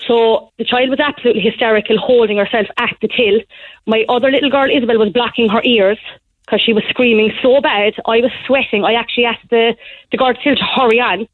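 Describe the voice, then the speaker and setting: A young woman on a tinny phone line, her voice sitting a little high. She talks in an animated, breathless rush, like a caller pouring out a story on air. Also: fast talker, no room sound. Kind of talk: phone-in call to a radio show.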